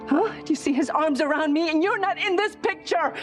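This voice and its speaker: A woman's voice: very high voice, fairly quick, soft background music. An actress playing a furious wife who confronts her husband's former lover, speaking in emphatic, accusing lines in a daytime soap opera. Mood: angry.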